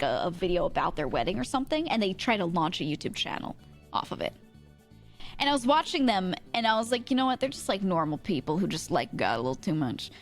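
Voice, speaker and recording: A young woman streamer chatting casually, rambling and laughing often. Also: medium pitch. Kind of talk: casual chat.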